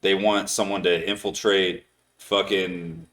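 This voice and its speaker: A man's voice: sits low, flat delivery, slow pace, a bit bright. A man hosting a podcast, telling a long story in casual chat, swearing a lot and filling his talk with "like". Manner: rambling, heavy swearing, many "like" fillers. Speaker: podcast host.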